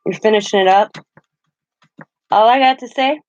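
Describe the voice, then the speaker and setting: A woman's voice: medium pitch, normal speed, darkish tone. A grandmother in her fifties chatting casually while she crafts, laughing often and greeting viewers. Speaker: craft vlogger. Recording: dull lo-fi livestream audio.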